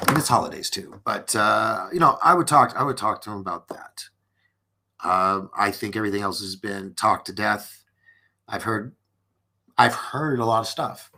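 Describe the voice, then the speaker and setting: A man's voice: fairly low pitch, pushed and bright. A man hosting a late-night live-streamed podcast, chatting casually and reading viewer comments with many restarts and fillers. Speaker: podcast host.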